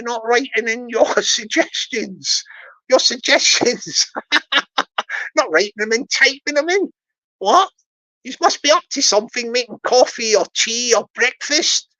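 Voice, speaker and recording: Bright-voiced woman hosting a rambling live stream. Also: on the high side, poor audio. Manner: repetitive, chatty, addresses the chat directly.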